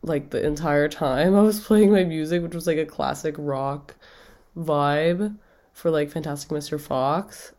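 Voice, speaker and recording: A young woman hosting a casual radio show, stuffy with a cold, talking with vocal fry and rambling with lots of fillers. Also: low-pitched, unhurried, a little mellow. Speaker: radio host. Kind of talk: casual chat.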